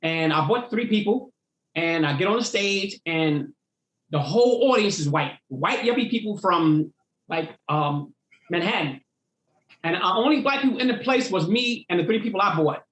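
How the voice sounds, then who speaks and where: A stand-up comedian guesting on an interview tells stories from his career at a moderate pace, his high-pitched voice carrying some reverb. He brings the tales to life by acting out the voices of the people in them.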